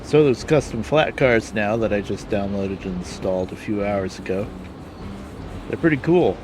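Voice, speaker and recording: A man's voice: on the low side, lively intonation, moderate pace, background noise. A man with a lisp, casually rambling as he streams a game and mutters to himself. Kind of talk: casual live-stream commentary while playing.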